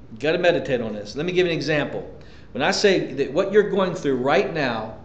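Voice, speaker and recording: A man preaching a sermon as pastor, emphatic, repeating key lines and jumping up in pitch to drive points home. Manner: emphatic preaching, sudden pitch jumps and repetitions. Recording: echoey church room, dull lo-fi sound.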